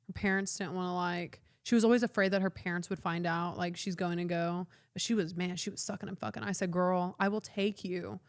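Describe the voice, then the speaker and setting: A woman's voice: fairly low pitch, steady tone, fast talker, hardly any pauses, clean tone, no echo, clean studio sound. A young adult woman, a guest on a stream, chatting casually and chiming in bluntly. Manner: reactive, blunt, chimes in. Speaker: co-host guest. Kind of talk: casual chat.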